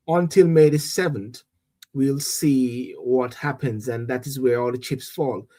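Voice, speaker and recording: A reverend hosts a casual political chat show, speaking animatedly in a medium-pitched voice that's a little slow. He often repeats words when starting a thought.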